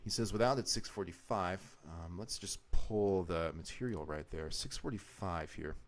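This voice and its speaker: A man's voice: low-pitched, normal speed. A man live-streaming his video editing, talking through his choices in a rambling, explanatory way and often restarting his sentences.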